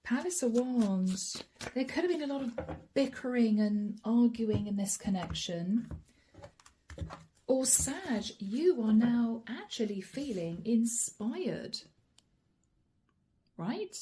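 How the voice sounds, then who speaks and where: A woman giving a channeled tarot reading straight to her viewers, chatty and friendly, slowing down to name each card. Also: a little high, very animated, mellow, slight background noise. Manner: chatty, addresses viewers directly, slows to name cards. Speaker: tarot reader.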